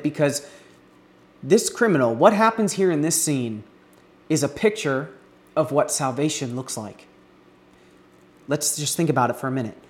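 A man preaching an expository sermon, earnest, building emphasis on key words and pausing to restart now and then. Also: fairly high pitch.

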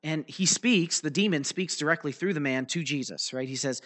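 Bright-voiced preacher explaining scripture. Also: male voice, a little high, moderate pace. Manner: explanatory, checks in with frequent "right?" and "okay?"; loose delivery with fillers and restarts. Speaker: preacher teaching a Bible lesson. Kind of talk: teaching sermon.

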